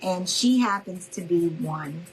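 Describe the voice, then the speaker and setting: A chatty, affectionate craft livestream host from New Orleans, Louisiana, talks casually with her viewers while she crafts, calling them "y'all" and "honey." Her voice sits fairly low and she takes her time. The recording is low quality, with slight background noise.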